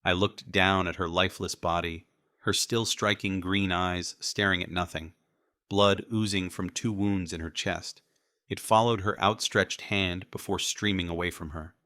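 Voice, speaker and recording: A man narrating an audiobook in the first person with measured, even storytelling. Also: low voice, dry recording, studio quality.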